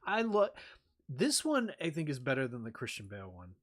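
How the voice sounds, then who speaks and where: A man's voice: mid-range voice, wildly swooping pitch, fast talker. A man talking in a rambling casual chat as a streamer, swearing freely and using lots of fillers.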